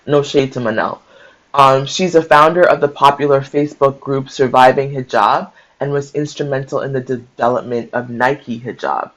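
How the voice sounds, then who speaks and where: A man's voice: medium pitch, a bit bright. Man reading a book aloud with heartfelt asides. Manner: conversational, mixes reading aloud with emotional asides. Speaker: book-share host. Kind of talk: casual book reading with commentary. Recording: dull lo-fi sound.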